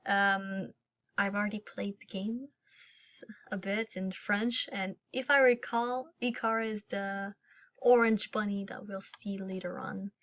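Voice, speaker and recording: A woman's voice: medium pitch, fairly even intonation, takes it slowly, fairly bright tone. A young woman chatting and giggling through a story game playthrough as a gaming host. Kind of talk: casual game playthrough commentary. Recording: lo-fi recording.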